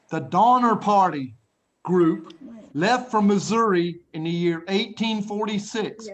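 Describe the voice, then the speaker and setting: A middle-aged man teaching English to children on a video call, an animated, dramatic storyteller who chuckles often. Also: sits high, measured pace.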